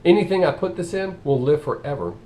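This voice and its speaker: A man voicing a scheming priest in a told joke, speaking low and conspiratorially. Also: animated, fast talker, mellow, lightly acted. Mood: sly. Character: scheming middle-aged priest, hushed and sly.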